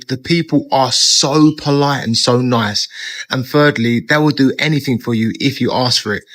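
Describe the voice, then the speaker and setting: A man's voice: medium pitch, a bit bright. A man with a London accent talking to camera in an emphatic, repetitive way. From England. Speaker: traveler. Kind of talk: casual to-camera monologue.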